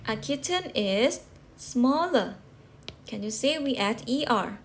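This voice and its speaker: Slow, patient woman teaching English. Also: fairly high pitch, expressive, a little hiss or hum. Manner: patient, repeats and checks with rhetorical questions. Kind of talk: slow classroom explanation.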